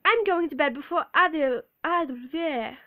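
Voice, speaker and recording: A woman's voice: high voice, lively intonation, normal speed, phone-quality sound, pitched above the performer's own voice. A woman voicing a bossy young schoolgirl in a put-on British accent. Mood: scolding.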